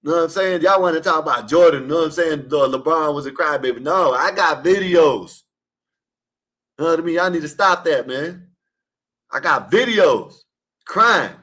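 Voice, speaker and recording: Male caller, somewhat high voice, heated casual sports debate, emphatic and repetitive. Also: animated, normal speed, a bit bright, husky. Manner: emphatic, repetitive, scolding the listeners. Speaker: caller in an online open panel.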